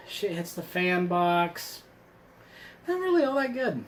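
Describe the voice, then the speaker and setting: A man's voice: high voice, very animated, slow, rough recording. A man casually reviewing a survival gear box on his channel, rambling and sarcastic, swearing freely. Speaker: vlogger reviewing a subscription box.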